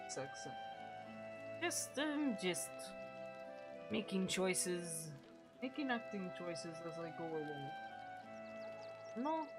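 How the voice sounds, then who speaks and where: A tired woman chatting playfully while streaming a game late at night. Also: lowish voice. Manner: chatty, playful, self-mocking. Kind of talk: casual gameplay commentary. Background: game music.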